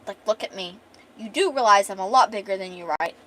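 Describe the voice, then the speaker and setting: A big, protective young man from a fantasy comic, as a woman reads him aloud. He speaks in a soothing, teasing way and stammers when he is caught off guard. His voice sits at a middling pitch. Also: a little fast, fairly bright tone, close to an everyday voice.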